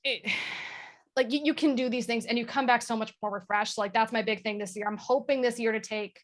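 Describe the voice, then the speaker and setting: A woman talking candidly as a guest on a video call, self-mocking and quick to laugh. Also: on the high side, steady tone. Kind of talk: casual chat on a video call.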